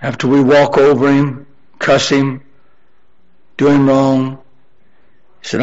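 An older man preaching a sermon, repeating his phrases as he presses his congregation, then dropping into quieter storytelling. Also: level tone, takes it slowly, pauses often, lo-fi sound. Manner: rising to high-pitched emphatic exhortation, then softer storytelling.

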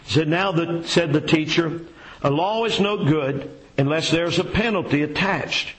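A man preaching a sermon and reading a story aloud, folksy and unhurried, with many fillers and repeated words. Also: a little high, fairly bright tone, low-quality recording.

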